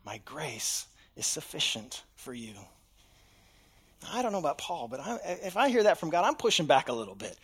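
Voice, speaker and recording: A pastor delivers a sermon in a fairly high voice. He shifts often from near-whispers to loud, animated bursts and plays out the voices he quotes. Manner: dramatic, swings from hushed to loud, acts out voices in quotes.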